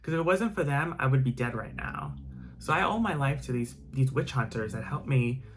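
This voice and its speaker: A young man recounting a frightening personal story in an emotional storytime delivery. He strings his sentences together with constant "like" fillers and restarts, his pitch sitting mid-range. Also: very animated, brisk, a little hiss or hum. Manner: emotional, heavy use of "like" fillers. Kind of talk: dramatic storytime retelling.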